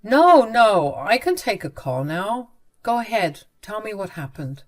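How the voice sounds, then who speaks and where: A woman voicing an older father-in-law in a story, reassuring and steady in how he speaks. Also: mid-range voice, a little slow. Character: kindly older father-in-law, protective and firm.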